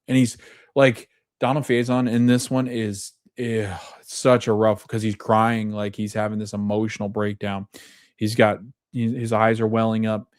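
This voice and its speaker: A man's voice: fairly low pitch, little pitch movement, moderate pace, no echo, studio quality. A man hosting a podcast, casually recapping and reacting to a TV episode in a rambling way, full of fillers and loosely retold quotes. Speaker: podcast host.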